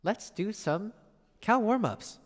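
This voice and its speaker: Chatty man with a lively, high voice. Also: slow pace, in a large hall. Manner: chatty, reads chat messages aloud. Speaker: streamer playing piano. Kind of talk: casual chat.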